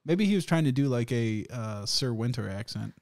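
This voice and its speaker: A man's voice: medium pitch, lively intonation, moderate pace, darkish tone, a little hiss or hum. A young man co-hosting a podcast in casual chat, telling stories with frequent laughter and plenty of swearing. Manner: swears freely, laughs through his stories. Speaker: podcast co-host.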